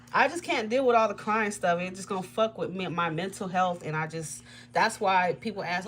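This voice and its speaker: A woman tarot reader chatting casually on a livestream, blunt and swearing freely, with frequent laughter and sudden high jumps in her voice. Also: normal speed, slight background noise.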